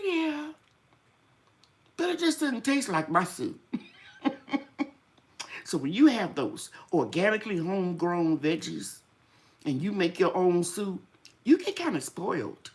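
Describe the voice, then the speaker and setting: Hosting a gardening channel, an older woman speaks in a sing-song, lowish voice at a measured pace with long pauses. Her live-stream chat is casual and story-filled, with acted-out quoted voices, and she seems a little tired, her sinuses draining.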